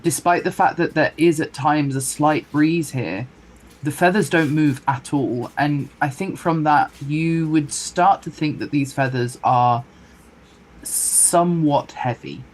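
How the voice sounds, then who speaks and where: A woman running a tabletop game as game master, giving measured, descriptive narration with thinking pauses. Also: deep voice, darkish tone, slight background noise, low-quality recording.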